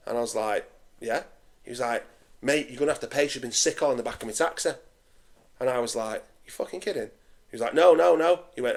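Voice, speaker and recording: A man, hosting a podcast and telling a sweary, animated story in casual chat. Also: mid-range voice. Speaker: podcast host.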